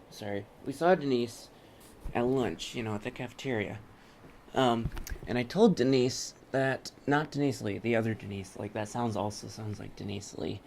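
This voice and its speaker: A young adult man vlogs in a loose, meandering way, backtracking and restating his points. His voice sits at an ordinary middle pitch, with a faint hiss of noise underneath. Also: gravelly, fairly bright tone. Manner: rambling, repeats and corrects himself. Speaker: vlogger. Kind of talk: casual rambling monologue. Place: college campus, indoors.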